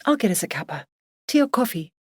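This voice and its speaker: A woman voicing a gentle female friend who soothes in a hushed, quiet voice. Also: mid-range voice, big pitch swings, fast, husky, dry recording, clean studio sound, pitched above the performer's own voice. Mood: soothing.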